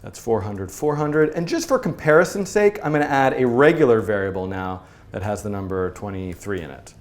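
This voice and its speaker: In a studio with a whiteboard and roomy echo, a man works through an informal programming lesson, playful and self-mocking as he reasons out loud. His voice is on the low side, lively in intonation and a little fast.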